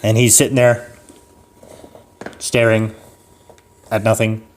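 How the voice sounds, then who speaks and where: A man's voice: fairly low pitch, flat delivery, takes it slowly, slight background noise. A young man improvising a comic story on a podcast, rambling and laughing as he acts out the characters. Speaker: podcast co-host.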